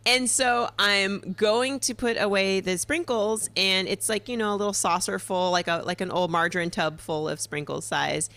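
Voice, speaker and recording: A woman in her thirties, a podcast guest, telling a story in casual chat with animated, laughing delivery. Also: mid-range voice, moderate pace, few pauses, no room sound.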